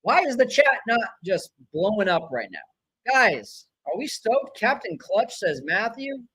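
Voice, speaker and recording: An excitable man hosts a live baseball watch-along for his viewers, his voice sitting slightly high. He swings between loud cheering and irritated griping about the players, and stops to read viewer chat names aloud. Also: unhurried, breathy edge, rough recording. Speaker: live stream host reacting to a baseball game.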